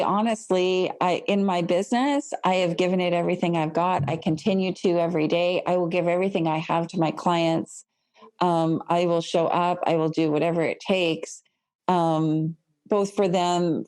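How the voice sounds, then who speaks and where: A woman's voice: fairly low pitch, steady tone, moderate pace, darkish tone. A woman accountant, a guest on a podcast, speaking boldly and forthrightly in casual chat. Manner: bold, forthright.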